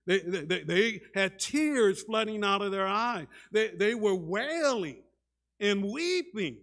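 A man preaching a sermon as a pastor, dramatic, shifting between loud and hushed delivery and often repeating words as he starts a sentence. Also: high-pitched, lively intonation, takes it slowly. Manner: dramatic, acts out quoted voices, swings between loud and hushed.

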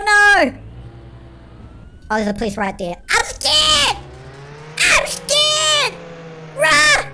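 A performer voicing an excitable cartoon chipmunk in a sped-up chipmunk filter, giving panicky, shrieky game commentary as the channel host. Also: very high-pitched, exaggerated voice. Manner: shrieky, panicky, constantly shouting to friends. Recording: noisy game sounds behind.

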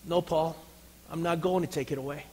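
A man voicing a gentle but firm fatherly divine figure who speaks softly and reassuringly. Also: on the high side, fairly even intonation, in a large hall, close to an everyday voice. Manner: soft, slow and reassuring.

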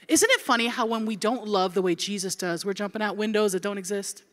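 A woman's voice: mid-range voice, fairly quick, few pauses, big-room sound. A woman in her forties preaching a sermon, telling a comic story and acting out scenes. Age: 40s. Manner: animated and comedic, acting out scenes. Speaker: pastor.

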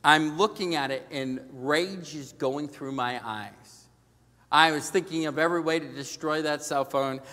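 A middle-aged male pastor preaching a storytelling sermon, dropping to a hush and then rising to loud emphasis. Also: on the high side, unhurried. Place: large church sanctuary. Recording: long reverb of a large church hall.

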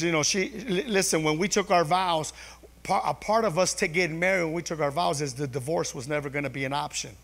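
A man's voice: on the high side, fairly bright tone. A middle-aged man preaching, telling a personal story to a congregation with many restarts and "you know", acting out what people said. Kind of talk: testimony sermon to a congregation. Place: church hall. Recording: long church hall reverb.

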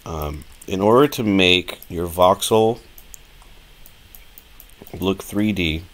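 A man's voice: low voice, slow. A man casually talking through a live-streamed modeling tutorial, thinking aloud with plenty of fillers and restarts.

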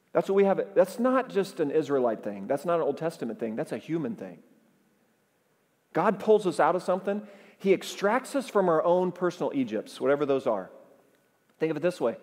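A male pastor delivering a sermon in a lively, conversational style, often prompting the congregation to answer back. His voice sits high for a man. A long reverb tail hangs in the church around him. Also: brisk. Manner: animated, conversational preaching with audience call-and-response. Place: church sanctuary.

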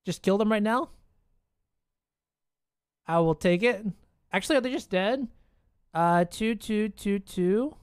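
A streamer giving casual live commentary on their own card game, muttering, swearing and breaking into excited outbursts. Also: medium pitch, slow, pauses often, clean tone, no room sound, studio quality. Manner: chats to chat and opponent.

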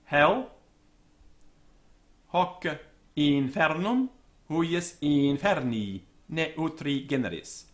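A man teaching Latin vocabulary, slowly pronouncing and repeating each word with careful pronunciation notes. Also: on the high side, lively intonation. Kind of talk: slow vocabulary lesson with repeated Latin words.

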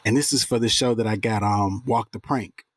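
A man, an actor guest, telling stories in a casual interview in a slangy, animated way and acting out the people he quotes. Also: lowish voice, normal speed, slightly rough, no echo.

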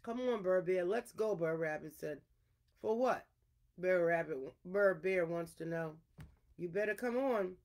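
A woman reading an animal folk tale aloud in an unhurried storytelling manner, her throat a little irritated. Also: fairly low pitch, darkish tone.

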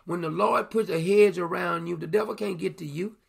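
A man with a high, gravelly voice preaching over the air in a loose, conversational sermon. His tone is husky and breathy, and he talks animatedly, repeating words and acting out the people in his stories. He sounds like he is in a broadcast studio. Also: brisk.

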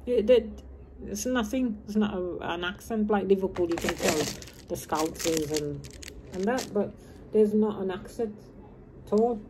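A woman's voice: medium pitch, unhurried, noisy background. Rambling chatty woman in her fifties. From grew up in Birmingham, England. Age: 50s. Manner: chatty and meandering, drops her H's. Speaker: vlogger. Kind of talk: casual rambling chat.

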